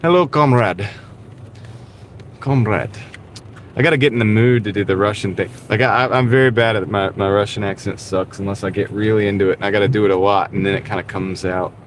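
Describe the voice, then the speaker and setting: A man's voice: lowish voice, quick pace, few pauses. A man livestreaming while driving for food deliveries, chatting in a rambling way and answering viewer comments. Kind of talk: casual live-stream chat while driving. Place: inside a car driving in the rain. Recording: steady road and car noise behind. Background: car and road noise.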